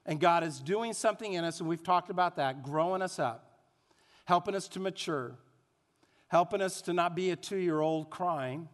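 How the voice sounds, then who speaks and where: A man preaching a sermon as pastor, animated, asking the congregation questions and having them repeat phrases. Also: high-pitched. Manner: animated preaching with rhetorical questions and call-and-response. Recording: long hall reverb.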